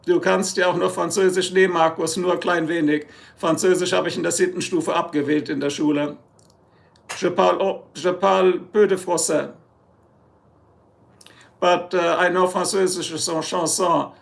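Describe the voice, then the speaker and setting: German-accented man, high voice, live-stream host, joking and rambling, chatting with viewers. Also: fairly even intonation, normal speed, vocal fry. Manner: joking, rambling, reads and answers chat. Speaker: livestream host. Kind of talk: casual live-stream chat.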